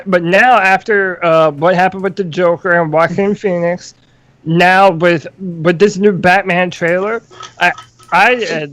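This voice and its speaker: A man hosting a podcast in a measured, thoughtful chat, laying out his view and asking the others for theirs. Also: on the high side, fairly bright tone, slight background noise. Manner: measured, thoughtful, poses questions. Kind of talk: casual chat.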